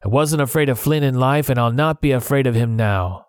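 A man's voice: medium pitch, fairly quick, smooth, dry recording, studio quality, pitched above the performer's own voice, natural voice. A man doing a defiant pirate captain. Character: hardened male pirate leader, bold.

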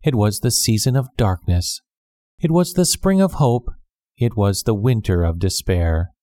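A man reading a classic novel aloud as scripted storybook narration, measured and clear. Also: lowish voice, mellow, dry recording, clean studio sound. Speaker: audiobook narrator.

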